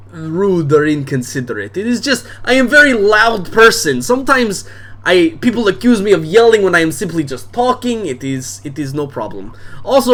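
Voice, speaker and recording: Man doing a loud boozy bar-owner dad. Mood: boisterous. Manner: booming, pushy, jovial. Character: loud boisterous hard-drinking bar-owner father.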